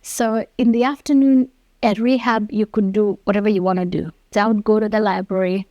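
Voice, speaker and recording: A woman's voice: mid-range voice, steady tone, a little fast, dark tone, no room sound, muffled recording. A woman in her fifties, an interview guest, telling her personal story earnestly and acting out the dialogue she quotes.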